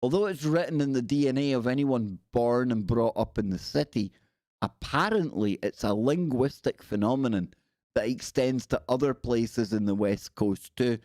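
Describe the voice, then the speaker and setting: A man's voice: medium pitch, normal speed, a little mellow, no echo, studio quality. A man hosting a casual live stream, reading an article aloud and chatting with viewers. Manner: chatty, reads aloud and talks to chat viewers.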